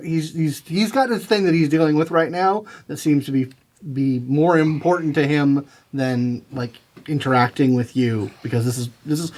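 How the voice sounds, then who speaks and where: Male game master, slightly high-pitched, halting narration for a tabletop game. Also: a little mellow. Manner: halting, lots of fillers and restarts.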